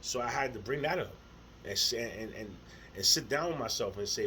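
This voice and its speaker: A man's voice: mid-range voice, lively intonation, fairly quick, slight background noise, low-quality recording. Rambling man with heavy slang. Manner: rambling, repeats words, heavy slang and swearing; earnest, laughs softly between thoughts. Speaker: spiritual vlogger. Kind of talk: casual spiritual monologue to camera.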